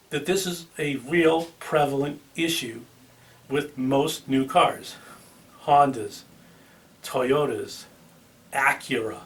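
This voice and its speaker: A man's voice: medium pitch, fairly bright tone, far from the mic. A man with a Boston accent hosting a car channel, talking casually to the camera with ums and restarts. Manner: chatty, with filler ums and restarts.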